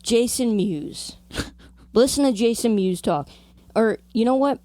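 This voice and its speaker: A woman's voice: fairly high pitch, animated, a little slow, warm tone, no room sound. A woman from New Jersey co-hosting a podcast, chatting casually and rambling off on tangents with lots of "like". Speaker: podcast co-host. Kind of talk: casual chat.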